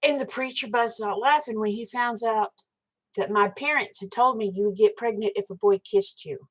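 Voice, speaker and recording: Woman, live-stream host, casual storytelling, frank, swears casually, higher voice. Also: moderate pace, rough recording. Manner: frank, chatty, swears casually, talks straight to viewers.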